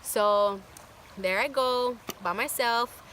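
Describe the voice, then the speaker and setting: Young woman, storytime vlogger, bright voice, rambling chatty delivery. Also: on the high side, takes it slowly, slight background noise. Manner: chatty, filler-heavy with constant "like". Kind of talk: casual storytime.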